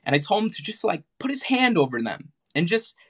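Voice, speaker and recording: A man's voice: sits high, big pitch swings, a little fast, slightly rough. A man who works as a mentalist, chatting on a live stream and telling an anecdote hesitantly, with many fillers. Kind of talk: casual live-stream chat.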